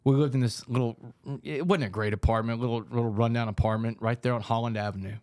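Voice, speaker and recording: A man tells his story as a podcast guest, animated and fast-paced. His speech is rapid and energetic, and he keeps slipping in "man". The recording is dry and close, with no room sound. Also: mid-range voice, no echo. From Texas, United States. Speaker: podcast guest, author and speaker. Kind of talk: storytelling in a casual podcast interview.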